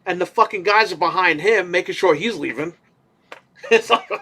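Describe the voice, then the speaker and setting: A man co-hosting a casual podcast, telling a story in an animated way, swearing casually and acting out what people said. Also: sits high, unhurried, slightly rough. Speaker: podcast co-host.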